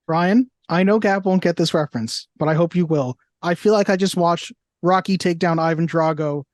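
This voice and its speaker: A podcast co-host in casual chat, animated and acting out scene quotes as asides. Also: medium pitch, normal speed, dry recording.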